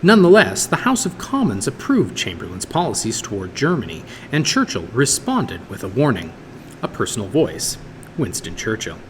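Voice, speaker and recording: A man reads a history textbook aloud, teacher-style, at an even pace. His pitch moves up and down freely as he reads, with the odd stumble he fixes on the go. The room rings with a long reverb, and a faint hiss sits under the voice. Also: moderate pace. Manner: steady reading with occasional small stumbles and self-corrections. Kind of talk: read-aloud textbook narration.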